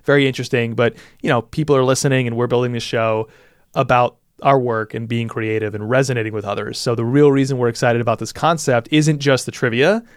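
A man hosting a podcast, talking in a casual, animated way with quick asides. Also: mid-range voice, clear, resonant tone, no room sound, clean studio sound. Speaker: podcast host.

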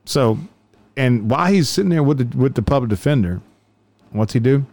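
Brief: male officer, relaxed profane storyteller, mid-range voice, laughs often. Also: mid-range voice, a little fast. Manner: profane, laughs through his stories. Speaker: police officer. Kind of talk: casual storytelling chat.

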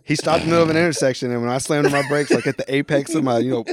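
Fast-talking, cursing podcast guest. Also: male voice, mid-range voice. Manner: rapid, profane anecdotes. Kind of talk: casual chat.

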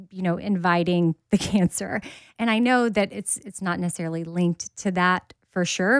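A woman's voice: on the low side, dry recording, studio quality. A woman in her forties, a podcast host, telling a personal story candidly and acting out the voices of others in it. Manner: candid, animated, acts out quoted voices.

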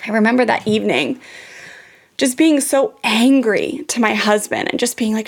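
A woman in her thirties telling a personal parenting story to her listeners in a candid, animated way, full of fillers and restarts. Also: on the high side, moderate pace, gravelly. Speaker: podcast host.

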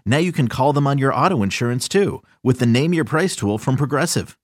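A man reading an insurance ad smoothly and upbeat. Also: mid-range voice, lively intonation, fairly quick, no room sound, studio quality. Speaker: ad announcer. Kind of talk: read insurance ad.

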